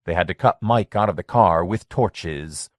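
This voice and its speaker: A man narrating a horror story audiobook in a measured, steady way. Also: low voice, dry recording, studio quality. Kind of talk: scripted narration.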